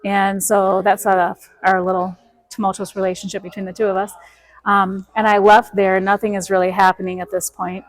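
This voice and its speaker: A woman's voice: medium pitch, level tone, a little fast, rough recording. A woman, a guest in an interview, telling her story emphatically and acting out the dialogue of each person in it. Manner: emphatic, quotes herself and others in dialogue.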